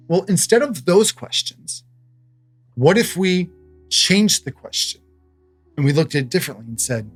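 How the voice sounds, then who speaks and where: A man's voice: fairly high pitch, lively intonation, moderate pace, dry recording, soft background music. A man in his thirties preaching a sermon as pastor, in a conversational way, telling stories with humor.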